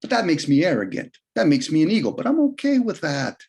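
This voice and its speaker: A man talking on a video call in a casual, rambling way, arguing his points and often jumping in pitch for emphasis. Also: wildly swooping pitch, fast talker, gravelly, darkish tone. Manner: rambling, argumentative, shifts pitch often for emphasis and quoted voices.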